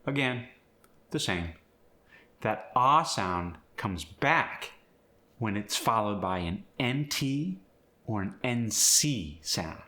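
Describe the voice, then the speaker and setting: An acting and accent coach teaches how to speak with a British accent in an instructional video, first explaining the sounds, then demonstrating words. His lowish voice is slow, animated, and sharp in tone.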